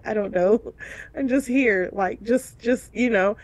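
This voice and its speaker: A woman with a fairly high, darkish voice speaks unhurriedly as co-host of a reality show review podcast. In the casual chat she recounts a painful story, voicing its people with big vocal leaps and laughing through tears.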